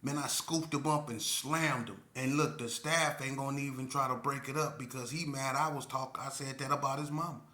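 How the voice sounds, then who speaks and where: Brief: middle-aged Las Vegas man, casual storyteller, bright edgy voice, echoey room. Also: mid-range voice, fairly even intonation, brisk, few pauses. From Las Vegas, Nevada. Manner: loose, repeats "you know what I'm saying".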